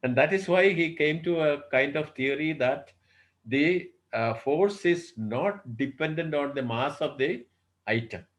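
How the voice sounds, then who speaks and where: A man's voice: on the high side, lively intonation, measured pace, low-quality recording. A man giving an online lecture as a professor, thinking aloud with many fillers and posing rhetorical questions. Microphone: video call.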